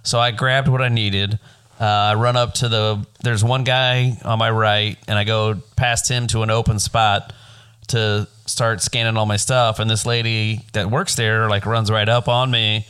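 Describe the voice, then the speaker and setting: A man co-hosting a podcast, telling a story in a laid-back, profane, animated way. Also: fairly low pitch, a little slow, clear, resonant tone. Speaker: podcast co-host. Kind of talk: casual storytelling chat.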